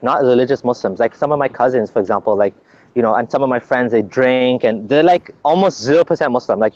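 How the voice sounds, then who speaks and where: A man's voice: mid-range voice, darkish tone, muffled recording. A man being interviewed as a guest, explaining at length in an earnest, conversational way, often restarting his sentences.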